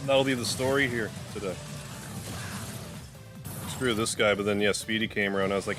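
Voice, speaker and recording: Low-voiced, rambling gaming streamer guy. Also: normal speed. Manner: rambling, loose, full of "like"; softens to a coo when talking to his cat. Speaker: gaming livestream host. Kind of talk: casual livestream chat while playing. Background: game music.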